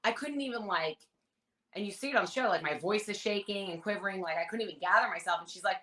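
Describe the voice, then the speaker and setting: A woman in her thirties, a reality show contestant, telling stories in a casual interview with animated, rambling detail. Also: mid-range voice, fast, poor audio. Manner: animated, rambling anecdotes with many fillers.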